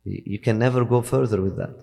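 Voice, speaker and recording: Male scholar, fast-paced, reciting and explaining verses, gravelly voice in a reverberant hall. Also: medium pitch, dark tone. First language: Arabic. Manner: deliberate, repeats words, recites Arabic verses. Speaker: Islamic scholar teaching Quran. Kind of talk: explanatory Quran lesson, mixing Arabic and English.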